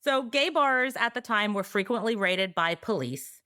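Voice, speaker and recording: A woman co-hosting a podcast, telling history in a casual, sarcastic, animated way. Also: medium pitch, moderate pace, no room sound, clean studio sound. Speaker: podcast co-host.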